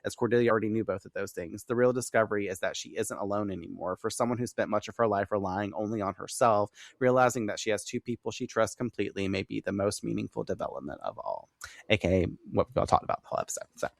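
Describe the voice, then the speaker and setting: A man's voice: on the low side, animated, quick pace, creaky, no room sound, studio quality. Man chatting on a podcast recap. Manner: laughing, swearing, quoting lines in put-on voices. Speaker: podcast co-host. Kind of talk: casual chat recap.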